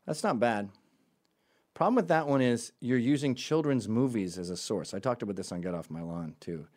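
A man's voice: mid-range voice, animated, normal speed, a little mellow. A male host giving sarcastic, mocking commentary on voicemails he plays.

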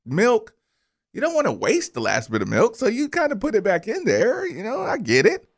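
A man's voice: high-pitched, moderate pace. A man hosting a sports radio show, joking with his co-host between ad reads and calls. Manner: lively, laughs often, jokes with co-host.

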